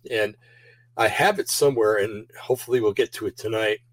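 Low-voiced, slightly breathless man rambling. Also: fairly quick, no echo, poor audio. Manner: rambling, many fillers and restarts. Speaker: show host. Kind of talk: casual rambling monologue.

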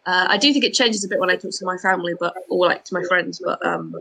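A woman from Edinburgh with a faint Scottish accent chats as a comedian guest on a podcast. Her voice is bright and clear-toned. She talks casually and self-deprecatingly, tripping into restarts. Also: on the low side, fast talker, poor audio. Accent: light Edinburgh Scottish. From Scotland, Edinburgh.

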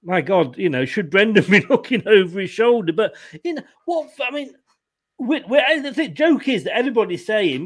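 A man's voice: high-pitched, sing-song, moderate pace. A man hosting a casual football fan show, chatting and reading out viewer comments with stumbling restarts and easy laughter. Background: home setting.

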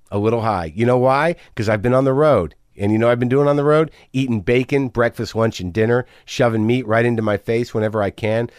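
A man's voice: mid-range voice, no echo, studio quality. A middle-aged man hosting a podcast, talking in a manic, rambling, profane confessional monologue. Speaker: podcast host.

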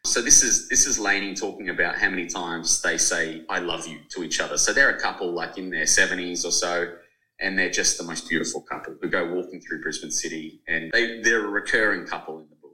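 A man's voice: low voice, fairly quick, poor audio. A man with an Australian accent, an author being interviewed, telling stories animatedly and reading from his own book. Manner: animated storyteller, acts out quoted people. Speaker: author and journalist guest.

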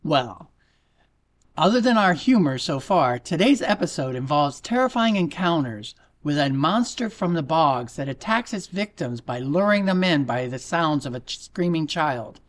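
A man's voice: fairly high pitch, very animated, moderate pace. A man hosting a podcast about mysteries, telling stories and cracking corny jokes in a casual way. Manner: jokey, puts on a fake accent at the start. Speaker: podcast host.

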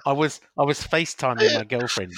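A man's voice: medium pitch, brisk, a bit bright, dry recording, faint music behind. A man co-hosting a casual football podcast, dry and deflating in his replies. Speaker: podcast co-host.

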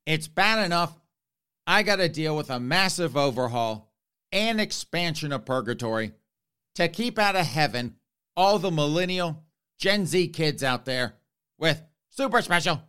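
A man's voice: a little high, bright, forceful tone, clear, resonant tone. A man voicing God as an exasperated, blunt old deity, grumbling about everyone's messes. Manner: grumbling, fed-up complaints.

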